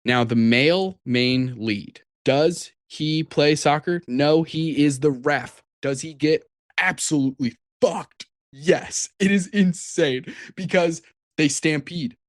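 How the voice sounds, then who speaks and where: A man co-hosting a podcast, retelling a film with animated energy and plenty of swearing. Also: fairly high pitch, slow pace, dry recording, clean studio sound. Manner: animated storyteller, swears freely. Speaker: podcast co-host. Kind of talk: casual chat.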